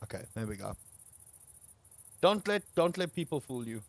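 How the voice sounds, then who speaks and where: A man's voice: mid-range voice, big pitch swings, normal speed, gravelly, dry recording, faint music behind. A South African man chatting casually while live-streaming a game, ranting with playful exaggeration and greeting viewers.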